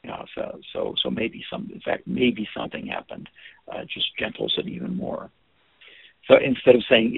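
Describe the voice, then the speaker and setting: A man giving an informal lesson on listening in a gentle, hesitant way, with many restarts and fillers. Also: medium pitch, sing-song, moderate pace, creaky, husky, dry recording. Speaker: teacher of listening skills. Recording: dry, phone-like narrow sound.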